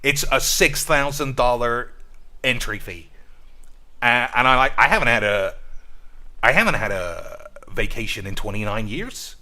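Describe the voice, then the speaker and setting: A man's voice: medium pitch, animated, a little slow, sharp tone. A man doing an impression of a whiny male streamer who pleads with his chat for tips and rants at them. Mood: pleading. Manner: whining, pleading, then ranting.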